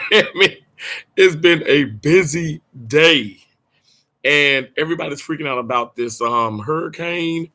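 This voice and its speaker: A man from Mississippi, a little hoarse, chatting casually and playfully with livestream viewers from a hotel room, laughing often and drawing words out. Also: on the high side, expressive, slow, bright, forceful tone. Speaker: livestream host.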